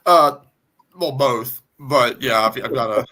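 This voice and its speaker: A man with a Southern US twang, talking casually on a video call and pausing often with ums and restarts. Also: mid-range voice, sharp tone. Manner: halting, many ums and restarts. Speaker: guest on music chat. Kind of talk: casual conversation.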